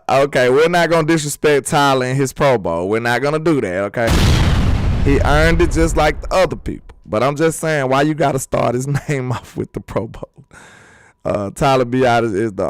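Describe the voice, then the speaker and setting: A man's voice: medium pitch, smooth, no echo, studio quality. A man hosting a sports channel in a casual live-stream chat, talking loosely and reading viewers' comments aloud.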